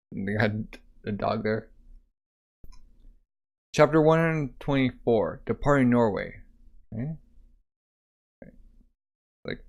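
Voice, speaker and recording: A man's voice: fairly low pitch, vocal fry. A man reading a manga aloud in a casual, laid-back way, with running commentary full of "like" and other fillers. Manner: laid-back, filler-heavy, keeps saying "like". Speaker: manga reader.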